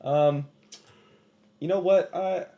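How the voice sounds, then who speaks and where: A man's voice: high voice, fairly even intonation, takes it slowly, creaky, highs cut off. A man playing a tabletop game, joking and laughing often. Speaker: player. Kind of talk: casual tabletop play.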